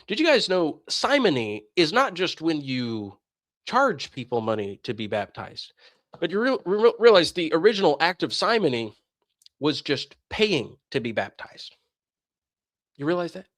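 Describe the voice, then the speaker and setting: A man's voice: a little high, sing-song, measured pace, a bit bright, dry recording, clean studio sound. A man streaming a casual commentary rant in a sarcastic, mocking manner.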